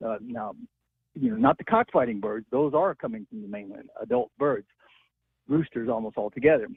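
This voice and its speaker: A veterinarian calling in by phone, explaining things in a chatty way and chuckling easily. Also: male voice, medium pitch, big pitch swings, moderate pace, gravelly, a little hiss or hum. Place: on the phone, away from the studio. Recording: tinny phone line.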